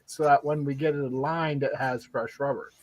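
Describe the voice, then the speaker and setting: A man chatting casually as a guest on a live stream, folksy and quick to laugh. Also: mid-range voice, fairly even intonation, a little hiss or hum, low-quality recording. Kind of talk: casual chat.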